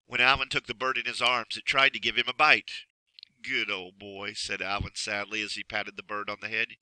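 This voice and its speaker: A man reads a children's story aloud, expressive and measured, pacing every sentence with care. His voice is strikingly bright and sharp, recorded close and dry, with no room sound. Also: lowish voice, smooth, dry recording, rough recording. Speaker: narrator. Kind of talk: storybook reading.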